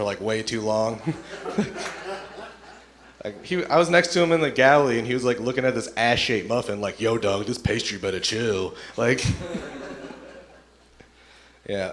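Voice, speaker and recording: A young man performing a stand-up comedy set, telling stories in a relaxed way and acting out the voices of the people in them. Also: medium pitch. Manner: laid-back storytelling, acts out voices of people in his stories.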